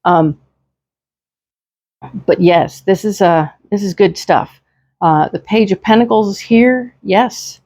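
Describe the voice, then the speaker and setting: A woman's voice: mid-range voice, slow pace, pauses often, darkish tone, dry recording. A woman giving a casual tarot reading in a chatty, reassuring way, with many fillers and tag questions, speaking into a desk microphone. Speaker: tarot reader.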